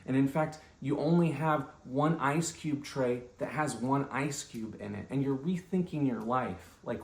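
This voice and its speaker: A man's voice: mid-range voice, measured pace, hardly any pauses, darkish tone, echoey room. A man doing a rambling comedic monologue, talking to the listener with many asides and restarts. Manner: rambling, self-interrupting, conversational asides.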